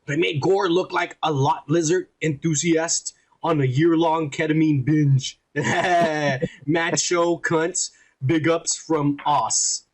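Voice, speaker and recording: A man from Texas hosting a casual podcast, his slightly raised voice husky and breathy. He talks in loud, crude, swear-filled banter and laughs often. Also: fairly high pitch, steady tone, slow pace. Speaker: podcast co-host. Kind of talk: casual profane banter, reading comments.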